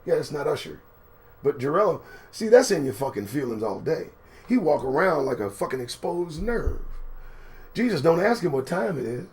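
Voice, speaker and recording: A man hosting a casual live-stream commentary show. His voice sits a bit high for a man and swings widely as he jokes. He swears freely and riffs sarcastically on the news he reads out. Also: normal speed. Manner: animated, profane, sarcastic riffing. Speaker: show host.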